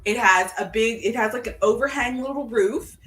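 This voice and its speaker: A woman's voice: on the high side, moderate pace, soft background music. A young adult woman co-hosting a casual chat, telling rambling stories full of fillers. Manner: animated rambling storyteller, many fillers. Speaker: co-host. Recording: roomy, distant from the mic.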